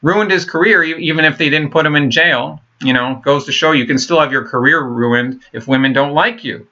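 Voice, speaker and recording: A man's voice: fairly high pitch, brisk, bright, forceful tone, muffled recording. A man in his thirties talking in a rambling, blunt casual monologue, full of fillers, restarts and swearing. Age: 30s. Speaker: vlogger.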